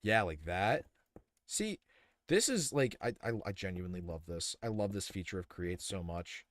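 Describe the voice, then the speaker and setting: A man's voice: low-pitched, expressive, moderate pace. A young man casually thinking aloud as he streams a building game, rambling with many fillers and restarts. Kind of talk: casual live-stream commentary while building.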